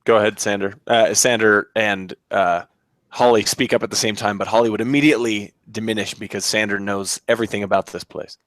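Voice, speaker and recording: A man's voice: on the low side, steady tone, fairly quick, a bit bright, no room sound. A man playing a tabletop game, describing actions plainly. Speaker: player. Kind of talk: casual tabletop role-play.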